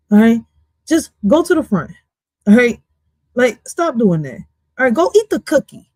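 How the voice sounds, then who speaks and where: A woman hosts a live reaction stream in a slightly high voice, loud and profane, laughing often as she talks. The sound is close and dry, with no room around it. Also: dry recording. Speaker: streamer host.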